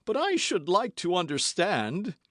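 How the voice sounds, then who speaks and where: A man's voice: high-pitched, wildly swooping pitch, unhurried, fairly bright tone, dry recording, studio quality, pitched above the performer's own voice, full character voice. A man voicing a big, blustering musketeer who keeps asking what is going on, in an audiobook. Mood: puzzled.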